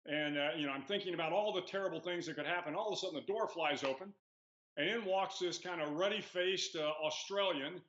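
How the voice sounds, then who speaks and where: A man in his sixties, a retired admiral, answering interview questions in a measured storytelling way with many "uh"s and "you know"s. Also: high voice, fairly bright tone. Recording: echoey lo-fi remote audio.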